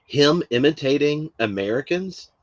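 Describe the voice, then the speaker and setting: A man's voice: on the high side, animated, normal speed, no echo, lo-fi sound. A man co-hosting a podcast, chatting casually with many fillers and restarts. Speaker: podcast co-host. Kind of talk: casual chat.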